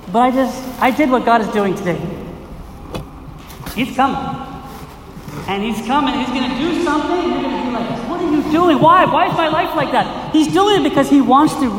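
A middle-aged male pastor preaching a lively sermon, acting out voices and questioning his listeners, recorded from a distance in a community center hall. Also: extremely high pitch, a little hiss or hum. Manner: animated, acts out quoted voices, asks the crowd questions. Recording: echoey hall, voice from far off.

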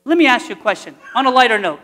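A man's voice: extremely high pitch, lively intonation, racing, bright, forceful tone, big-room sound. A man, a priest, preaching an earnest, conversational sermon full of repetition.

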